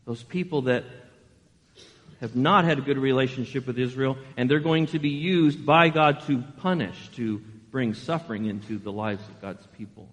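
A pastor preaches a sermon with animation, asking the congregation rhetorical questions. His voice is mid-range and his pace moderate, with a long reverb tail.

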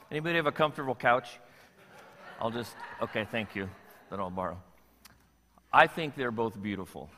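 A man's voice: mid-range voice, lively intonation, normal speed, long pauses, sharp tone, slight background noise. An older man preaching a sermon as pastor, playful and joking with his congregation. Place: church sanctuary. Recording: long reverb of a church hall.

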